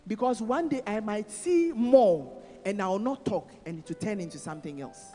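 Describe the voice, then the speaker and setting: A woman's voice: mid-range voice, normal speed, mellow. A woman with a Ghanaian accent giving a sermon at a conference, teasing and calling on audience members by name. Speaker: conference speaker. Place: church hall. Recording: long hall reverb, faint music.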